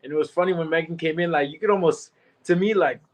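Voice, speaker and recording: A young man co-hosting a reality show recap, talking in relaxed slangy banter and often laughing. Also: a little high, fast talker. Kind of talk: casual chat.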